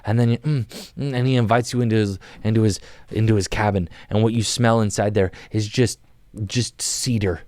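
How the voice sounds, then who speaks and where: A young man on a podcast, talking a listener through a comic mock guided meditation in a soft, drawn-out, playful way, often restarting his sentences. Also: lowish voice, steady tone, dry recording. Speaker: podcast guest.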